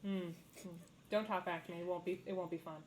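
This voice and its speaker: A woman's voice: lowish voice, fairly even intonation, quick pace, slight background noise, voice pushed down, natural voice, rough recording. A woman voicing a prim, self-important tiefling official who talks down to her intern in a pompous, clipped way.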